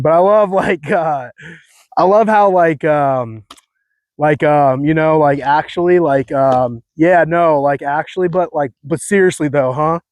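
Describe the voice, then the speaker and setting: A man from California talking in a casual monologue, animated and rambling, mocking himself, full of fillers. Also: fairly high pitch, dry recording. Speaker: vlogger.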